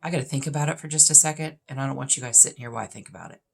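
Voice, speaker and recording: A woman's voice: rumbling low, very fast, creaky, breathy edge. A woman in her fifties, a vlogger chatting casually through a list of questions, blunt and opinionated with plenty of emphasis. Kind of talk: casual chat answering questions.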